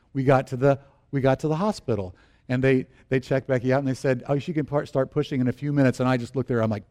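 A middle-aged man preaching a sermon, telling personal stories with animated, acted-out moments and quiet earnest turns. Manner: animated storyteller, acts out scenes with sudden high exclamations. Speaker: pastor.

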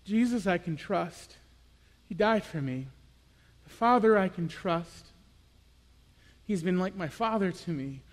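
A young man with a high, light voice preaches a personal, confessional sermon, shifting from hushed reflection to animated storytelling. His voice carries a long reverb, as if in a large hall. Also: a little slow, pauses often. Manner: earnest, confessional, swings from quiet to animated.

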